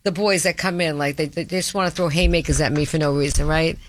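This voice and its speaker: A woman's voice: sits low, fairly even intonation, quick pace, slight background noise. A middle-aged woman with a heavy Boston accent, talking as a guest in a casual conversation, brash and combative.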